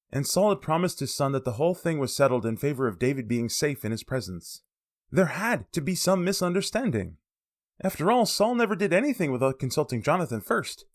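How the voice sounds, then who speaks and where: A man giving a sermon that explains a Bible passage, lively and expressive, with casual asides. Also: fairly high pitch. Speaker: preacher.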